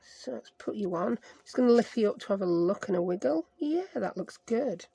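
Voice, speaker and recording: Gravelly-voiced chatty Sheffield woman. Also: medium pitch, expressive, a little fast, dark tone, no room sound. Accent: Sheffield English. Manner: rambling, self-mocking chatter with playful made-up words. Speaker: craft vlogger. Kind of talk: chatty craft-along narration.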